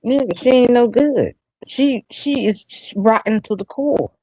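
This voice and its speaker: A woman's voice: fairly high pitch, animated, a little slow, warm tone, no room sound, highs cut off. A woman co-hosting a casual late-night chat, giving blunt, emphatic opinions.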